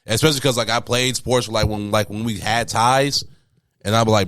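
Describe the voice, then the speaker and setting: A young man with a lowish voice talks loosely on a podcast, full of slang and casual swearing. The sound is dry and close, with no room around it. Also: normal speed, dry recording. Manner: relaxed slangy banter, swearing freely. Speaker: podcast co-host. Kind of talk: casual chat.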